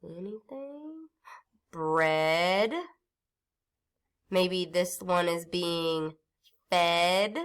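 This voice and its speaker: Woman teacher for young kids, lively sing-song pitch, slow careful phonics delivery. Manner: slow, sing-song teacher talk, stretching out words and sounds. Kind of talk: phonics lesson for young children.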